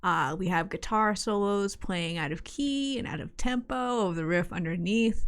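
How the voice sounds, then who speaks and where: A woman's voice: mid-range voice, moderate pace, clear, resonant tone. Chatty woman podcast co-host. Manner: chatty, wry, laughs often. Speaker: podcast co-host reviewing a metal album. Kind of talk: casual podcast chat.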